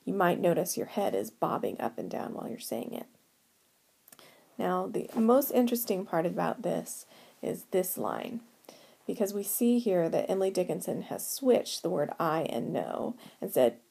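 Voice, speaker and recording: A woman teaching a whiteboard lesson in an unhurried, patient way, her voice mellow and a little husky. Her pitch moves up and down a lot as she walks through each step. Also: very animated.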